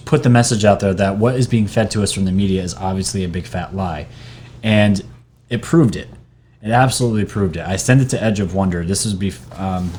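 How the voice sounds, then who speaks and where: A channel host from New York talks casually about what he's reading off a screen, often hesitating and restarting. His voice is fairly low and a little mellow.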